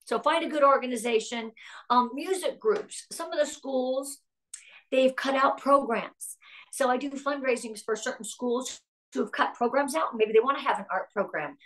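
A woman's voice: high voice, fairly bright tone. Upbeat middle-aged woman coaching a team. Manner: upbeat and encouraging, reading out and answering chat; earnest, gets emotional. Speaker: guest speaker at a sales team meeting. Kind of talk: live team training talk.

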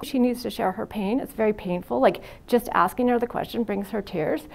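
Her voice on the high side, this middle-aged psychiatric nurse talks fairly quickly with vocal fry and hardly any pauses. She delivers a frank, chatty university classroom lecture filled with anecdotes and "you know" fillers.

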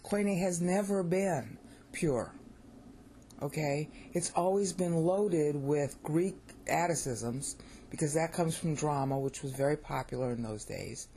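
A teacher with an American accent explains ancient Greek in a relaxed, unscripted lesson. The voice has a soft, mellow tone. They often stop to ask "all right?" and repeat Greek phrases aloud to demonstrate how they should sound. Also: medium pitch, a little slow, slight background noise. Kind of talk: informal spoken lesson.

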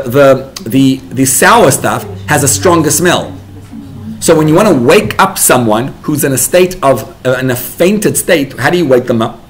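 A man giving a Torah class to parents as a rabbi, talking animatedly and building to emphatic bursts. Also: medium pitch.

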